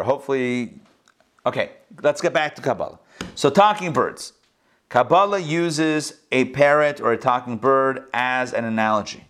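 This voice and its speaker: A man with a medium-pitched voice teaches a religious class, first telling jokes as an animated, chatty storyteller before moving into the lesson.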